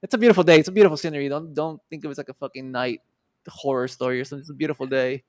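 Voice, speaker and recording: A man's voice: fairly high pitch, fairly even intonation, rapid-fire, darkish tone, no echo. A man in his twenties from Texas, telling a personal story in a loose, casual way, full of fillers and swearing. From Texas, USA. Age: 20s. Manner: loose and profane, many fillers. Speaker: guest artist.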